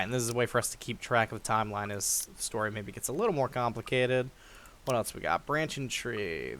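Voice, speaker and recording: A young man hosting a game playthrough, reading the story aloud with dramatic flair and chuckling along. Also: medium pitch. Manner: lively, chuckling, reads narration dramatically. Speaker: let's play host.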